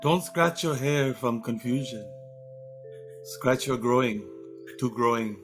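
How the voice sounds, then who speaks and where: A man's voice: mid-range voice, music in the background, natural voice. A man putting on a meditation guru. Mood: mock-solemn. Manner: slow rhyming mock-solemn chant. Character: mystic male meditation guru, grandiose.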